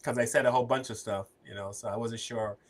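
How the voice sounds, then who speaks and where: A man's voice: mid-range voice, fairly even intonation, fast talker. Conversational man co-hosting a chat show. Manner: conversational, reads out viewer comments. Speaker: co-host. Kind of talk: casual chat.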